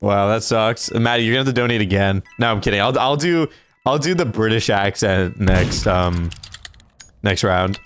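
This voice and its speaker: A man livestreaming a video game, chatting casually and reacting out loud as he plays. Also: on the low side, moderate pace, clear, resonant tone. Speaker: gaming streamer. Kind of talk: casual live gameplay commentary.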